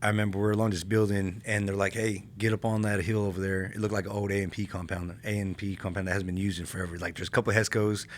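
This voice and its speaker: A man from California, a retired army infantryman, telling war stories in a casual podcast interview, animated and laughing as he talks. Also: on the low side, fast, hardly any pauses, a little hiss or hum.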